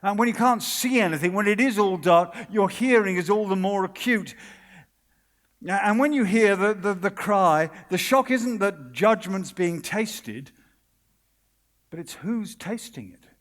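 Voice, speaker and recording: Preaching in a large conference hall that gives off a long reverb, a British man speaks with earnest drama and lively intonation, sinking into hushed pauses. His voice sits high for a man.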